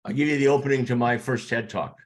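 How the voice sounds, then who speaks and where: A man who is a guest on an interview about public speaking, talking emphatically and deliberately shifting his speed and volume. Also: mid-range voice. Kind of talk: casual interview chat.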